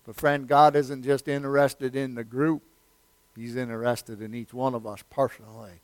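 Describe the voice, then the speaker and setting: Calling his audience friend and repeating his phrases, a man preaches as a pastor, moving between forceful, loud statements and quiet near-whispers. He has a medium pitch and a flat delivery at normal speed, recorded with no echo.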